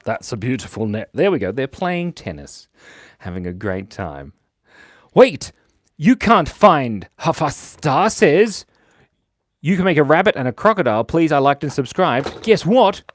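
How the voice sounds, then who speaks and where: A man's voice: fairly high pitch, sing-song, unhurried, dry recording, studio quality. A man with an Australian accent hosting a live drawing stream for kids, playful and jokey as he reads viewer comments aloud. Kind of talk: casual livestream chat.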